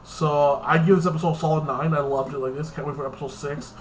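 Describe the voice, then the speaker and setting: A young man with a slightly higher-than-average voice rambles through a casual TV episode recap, packing his talk with fillers and profanity. A faint hiss of background noise sits under the recording. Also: steady tone, quick pace, poor audio. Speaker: TV episode reviewer.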